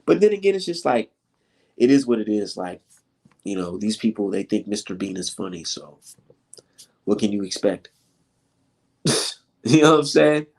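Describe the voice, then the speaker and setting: A man's voice: fairly low pitch, very animated, normal speed, long pauses, darkish tone. A man rants about boxing in a loose, casual commentary. He is heated and profane and keeps throwing out rhetorical questions, with short laughs between his points.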